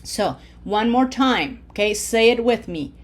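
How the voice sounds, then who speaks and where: Woman, language teacher, patient and steady, models words slowly, lots of check-ins. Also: a little high. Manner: patient, checks in with "okay?" and "right?" often; slows down to model words clearly. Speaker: Spanish teacher. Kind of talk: recorded language lesson.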